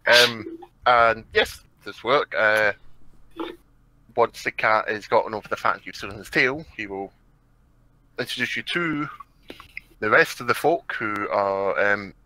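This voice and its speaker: A man's voice: lowish voice, unhurried, pauses often, pushed and bright, low-quality recording. A man running a tabletop game as game master, rambling with many fillers and restarts. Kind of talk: narrating a tabletop game over voice chat.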